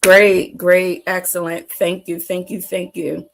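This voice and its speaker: Woman doing a motivational livestream, slow and deliberate, keeps repeating her lines and calling out to the chat. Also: fairly low pitch, flat delivery, gravelly. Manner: emphatic, repeats catchphrases and calls to the chat. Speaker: livestream host.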